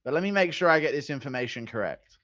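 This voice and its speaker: A young man chats with viewers on a live stream. His voice swings up and down with animated, joking energy. The sound is dry and somewhat dull and lo-fi. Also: medium pitch, quick pace, no room sound. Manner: animated and joking, with mild swearing. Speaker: streamer reading chat. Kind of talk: casual live-stream chat.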